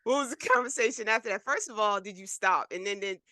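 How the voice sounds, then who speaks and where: A woman hosting a podcast, asking supportive, quick follow-up questions in casual interview talk. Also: mid-range voice, pushed and bright, dry recording, clean studio sound. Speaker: podcast host.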